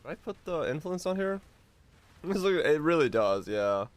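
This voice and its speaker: This man streams a game at a normal speed, his voice pitched fairly high. He chats casually about the gameplay, relaxed, humming to himself and chuckling, though his voice sounds a little off today.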